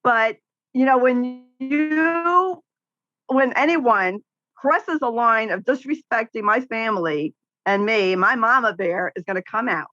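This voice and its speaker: A middle-aged woman with a slightly high voice talks a little slowly as a podcast guest, with faint music behind her. In a casual interview she's outspoken about caregiving, laughing through animated stories. The audio has no room sound and its highs are cut off.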